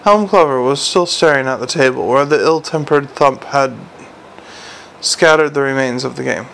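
A man narrating an audiobook in a steady, understated way. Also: medium pitch, moderate pace, vocal fry, slight background noise, rough recording.

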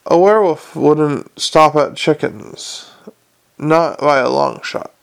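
A man narrating a storybook in a wry, even reading manner. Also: a little high, takes it slowly, vocal fry, smooth. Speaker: audiobook narrator.

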